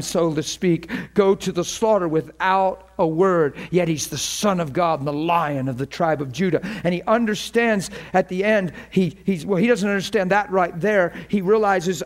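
A man with a fairly high voice delivers a fervent sermon. He moves between prayer, storytelling and light joking with the congregation. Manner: fervent preaching with prayer, playful asides and laughter. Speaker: pastor.

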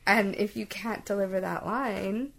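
A woman's voice: medium pitch, a little slow, creaky, a bit bright. A woman co-hosting a casual chat, teasing her co-host and laughing often. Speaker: podcast co-host.

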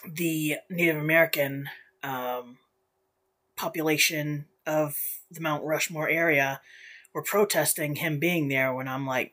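Here a young podcast host with a deep, slightly bright voice rants on her own casual show. She's blunt, curses heavily, and keeps breaking into laughter.

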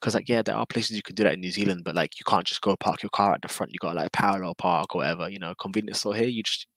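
A man's voice: deep voice, rapid-fire, fairly bright tone, dry recording, poor audio. A man with a London accent, chatting casually as an interview guest in a laid-back, slangy, rambling way. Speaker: guest, drifter.

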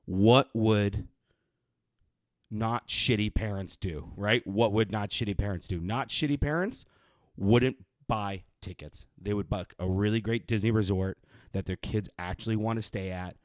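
A man's voice: lowish voice, normal speed, darkish tone, no echo. A young man delivering a profane, rambling rant in a casual monologue, exasperated and sweary. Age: young adult. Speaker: vlogger ranting.

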